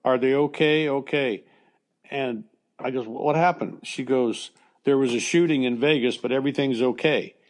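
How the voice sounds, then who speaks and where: An older American man, a former baseball coach, telling personal stories in an interview in a halting way with frequent restarts. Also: mid-range voice. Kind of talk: emotional storytelling interview.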